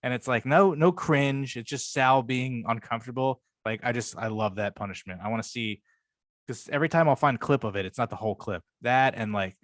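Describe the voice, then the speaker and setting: A man co-hosting a casual podcast chat, rambling and swearing freely, sometimes jumping higher to act out quotes. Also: fairly quick, no room sound, clean studio sound. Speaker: podcast co-host.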